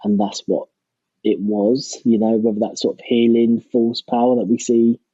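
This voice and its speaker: Husky-voiced man in casual podcast chat. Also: mid-range voice, little pitch movement, normal speed, dark tone, no room sound. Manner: rambling, hesitant, full of restarts. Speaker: podcast co-host. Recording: dry, slightly dull lo-fi recording.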